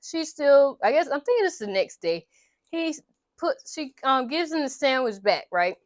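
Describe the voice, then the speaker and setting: A woman casually recapping a movie in a chatty, animated, slangy way, cursing freely. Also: high voice, moderate pace, no room sound. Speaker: vlogger.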